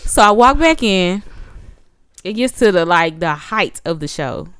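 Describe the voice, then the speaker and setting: A woman's voice: lowish voice, sing-song, a little slow, a bit bright, clear, resonant tone, dry recording. A woman telling a story in casual chat, acting out her own panicked lines.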